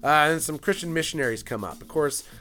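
Male film reviewer, slightly high voice, casual and profane, rambles and jokes through a movie recap over faint music. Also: animated, fairly quick, sharp tone. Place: at a computer clicking through a film.

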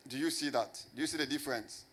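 A man preaching a sermon to a congregation, emphatic and repetitive, often asking rhetorical questions and slowing down to stress key words. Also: medium pitch, a bit bright, a little hiss or hum. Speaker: pastor.

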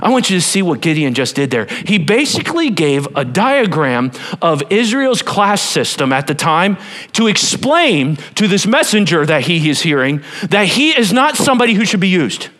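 Animated high-voiced male pastor preaching. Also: normal speed. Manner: animated, playful, talks directly to the congregation. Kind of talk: sermon. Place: church with live congregation.

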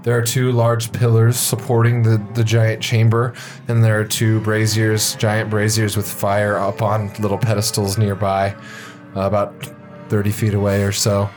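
Guy running a tabletop game, lowish voice, lots of uh and like, music under it. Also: completely flat delivery, normal speed, a little mellow. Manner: loose, hesitant descriptions full of fillers. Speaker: game master.

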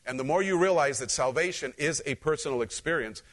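Pastor, male, lively sermon delivery that keeps calling on the congregation, voice sits a bit high. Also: quick pace. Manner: animated, talks directly to the congregation. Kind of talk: conversational sermon with personal stories.

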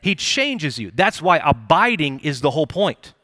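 Animated young male pastor preaching. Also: on the high side, normal speed, no room sound, clean studio sound. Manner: conversational, animated preaching with playful asides. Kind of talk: sermon. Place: church auditorium.

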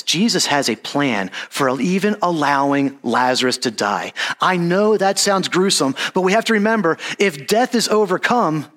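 A man with a fairly high voice delivers a relaxed, conversational sermon. He slips into plain modern speech to act out the characters of the story. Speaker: preacher. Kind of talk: casual sermon.

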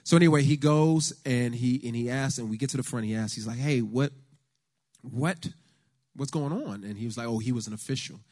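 An American man giving a conversational, faith-based talk on politics to a church lunch audience, telling stories with lively asides. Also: mid-range voice, quick pace, few pauses. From United States. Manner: animated storyteller, conversational with the audience.

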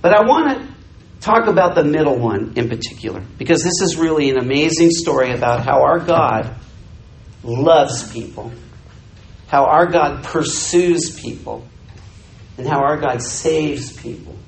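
Older man, lively sermon storytelling, slightly high voice, roomy church echo, faint hum behind. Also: a little slow, vocal fry. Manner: animated, acts out dialogue, jokes with audience. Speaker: missionary preacher.

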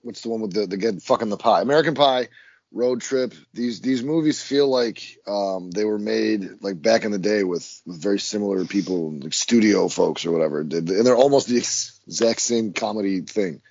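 A man co-hosts a podcast in a rambling, profane way, often stopping to restart his sentences. His voice is husky. The audio is dry, dull and lo-fi. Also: lowish voice, normal speed, a little mellow, dry recording. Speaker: podcast co-host. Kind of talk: casual chat.

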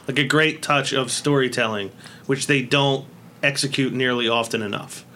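A man co-hosting a casual talk podcast, chatty and quick to laugh. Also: mid-range voice, steady tone, bright, forceful tone, a little hiss or hum. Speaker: podcast co-host. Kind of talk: casual chat.

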